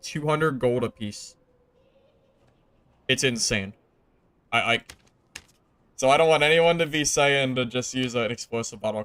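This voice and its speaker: A young man streaming a video game, chatting casually to viewers, jumping from excited outbursts to low, deflated grumbling. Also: clean tone, dry recording. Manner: swings from excited yelling to mumbled, deflated grumbling. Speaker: gaming streamer. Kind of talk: casual gameplay commentary.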